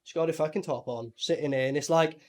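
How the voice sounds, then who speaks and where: Swearing, animated man reviewing a film. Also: on the high side, fast. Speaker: movie reviewer. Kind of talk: casual movie review chat.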